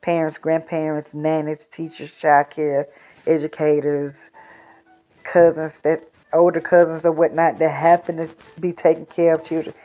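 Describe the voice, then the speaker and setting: A woman's voice: sits low, little pitch movement, moderate pace, warm tone. A woman hosting a children's storytime show, chatting casually and rambling before reading aloud. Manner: chatty, rambling, repeats herself. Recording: dull lo-fi recording.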